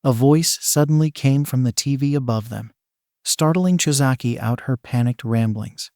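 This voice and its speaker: A man's voice: mid-range voice, normal speed, a little mellow, dry recording, studio quality. A man steadily narrating a fan fiction story.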